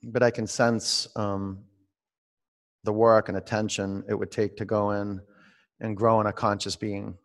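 A man with a fairly low voice teaches yoga over the internet at a slightly slow pace. His coaching moves between calm, meditative guidance and direct instructions, and he names individual students.

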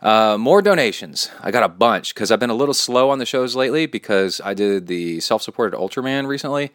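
A man's voice: medium pitch, lively intonation, a little fast, fairly bright tone, no echo, clean studio sound. A man hosting his own podcast in a casual, rambling solo talk, reading a listener's email aloud into his phone. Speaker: podcast host.

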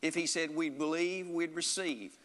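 A man delivers a sermon with earnest, insistent repetition, circling back and restarting his phrases as he presses his point. His voice sits a little higher than most men's, and it rings out with a long reverb that fills the hall around him. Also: fairly even intonation, moderate pace, a bit bright. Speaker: preacher.

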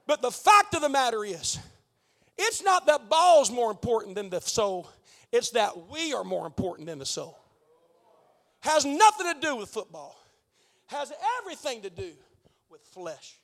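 A middle-aged male pastor preaching a fiery sermon, shouting at the peaks and dropping to hushed pleading in between. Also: extremely high pitch, big pitch swings, moderate pace, big-room sound. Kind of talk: fiery Pentecostal-style sermon.

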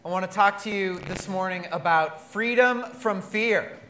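A man in his thirties preaching a sermon, telling stories with humor and lively energy. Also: sits high, unhurried, a little hiss or hum. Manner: animated storytelling with humor. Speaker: pastor.

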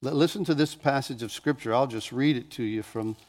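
A man's voice: mid-range voice, fairly quick, darkish tone. A man pastor preaching a sermon, telling stories with animation and often restarting phrases.

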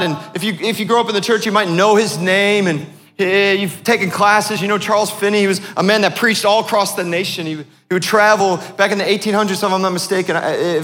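A man's voice: high voice, pushed and bright, big-room sound. A man preaching a sermon as pastor, asking the congregation questions as he goes.

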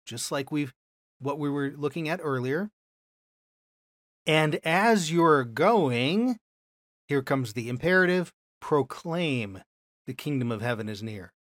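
A man's voice: medium pitch, a bit bright, no echo, clean studio sound. A man giving a Bible lesson as a teacher, explaining step by step and often checking in with "okay?". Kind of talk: classroom lecture.

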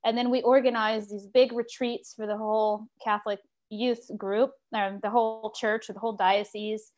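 Woman, from Texas, group facilitator, animated storytelling, slightly high voice. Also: normal speed. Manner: lively, animated, laughs while telling. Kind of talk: casual personal storytelling.

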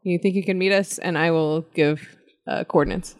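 A woman's voice: on the low side, fairly even intonation, normal speed. A woman playing a tabletop game, chatty and joking with the group. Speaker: player. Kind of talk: casual tabletop play.

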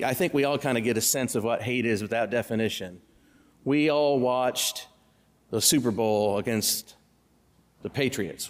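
A male pastor giving a sermon, telling stories with humor and talking directly to the congregation. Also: medium pitch. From Central Illinois. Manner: storytelling with humor, conversational asides to the congregation. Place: church. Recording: long hall reverb in a church.

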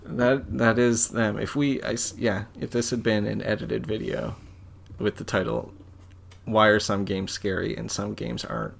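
A man's voice: fairly low pitch, little pitch movement, normal speed, gravelly, slight background noise. A man co-hosting a podcast in casual chat, with dry, teasing remarks. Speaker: podcast co-host.

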